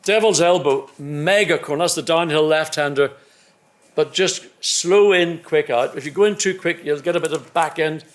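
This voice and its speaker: A man in his seventies, a former racing driver, telling stories on stage at a club evening in a reflective, measured way with many restarts. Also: fairly high pitch. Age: 70s. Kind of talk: after-dinner conversation on stage. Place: club evening event indoors.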